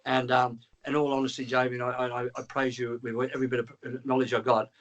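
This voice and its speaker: A former trainer on the line tells a lengthy story at a brisk pace and medium pitch, with the highs cut off. He's animated and profane, acting out each exchange of dialogue.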